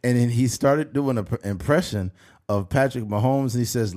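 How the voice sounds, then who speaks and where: A man's voice: mid-range voice, moderate pace, darkish tone. A man hosting a podcast, chatting casually in a profane, storytelling way. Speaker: podcast host. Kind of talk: casual chat.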